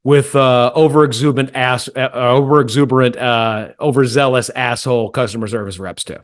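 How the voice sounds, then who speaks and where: A man's voice: mid-range voice, steady tone, fairly quick. A man from Texas co-hosting a podcast, telling a profane, rambling story with stammering restarts. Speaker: podcast co-host. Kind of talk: casual storytelling chat.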